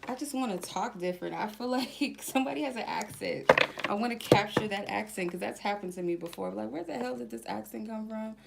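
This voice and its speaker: A woman giving a casual tarot reading to her viewers, chatty and slangy, slowly reading out card keywords one by one. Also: mid-range voice, vocal fry, noisy background. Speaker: tarot reader.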